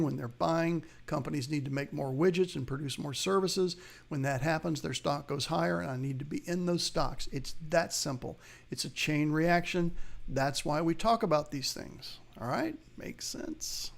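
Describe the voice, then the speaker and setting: His voice is gravelly and on the high side as he hosts a live investing show. The market commentary is conversational, aimed directly at viewers, and he reads out their chat messages.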